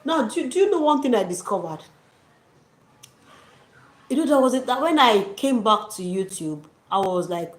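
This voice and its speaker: A woman's voice: mid-range voice, expressive, normal speed. A woman giving her viewers casual, preachy motivational advice and calling them dearies. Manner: encouraging, preachy, addresses viewers as dearies and sis. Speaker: YouTube channel host. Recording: echoey room with faint noise.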